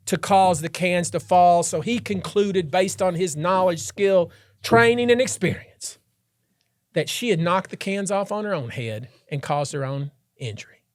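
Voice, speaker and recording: A man hosting a podcast, a trial lawyer telling a story in an animated, dramatic way and acting out the scenes. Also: on the high side, no echo, studio quality. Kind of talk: casual storytelling chat.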